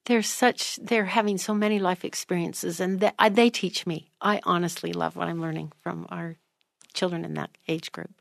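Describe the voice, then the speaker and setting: A woman's voice: on the low side, steady tone, normal speed, vocal fry, dry recording, clean studio sound. A woman guest on a church-themed panel, speaking in an enthusiastic, heartfelt way.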